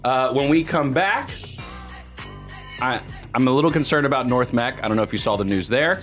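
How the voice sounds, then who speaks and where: A man's voice: mid-range voice, fairly bright tone, soft background music. A man hosting a morning radio show, teasing his co-host in casual banter from the studio. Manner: playful, teasing, quick to joke.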